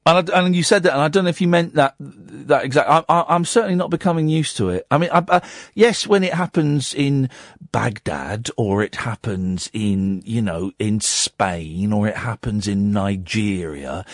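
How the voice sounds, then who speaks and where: Excitable late-night radio host. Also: male voice, medium pitch, no echo, clean studio sound. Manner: excitable, stammering restarts. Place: radio studio. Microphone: studio microphone.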